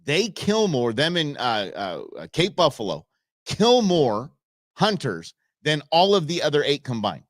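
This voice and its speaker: A man hosting a show, giving playful, animated commentary over viral videos and talking back at the footage. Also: on the high side, unhurried, no room sound, studio quality. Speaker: show host.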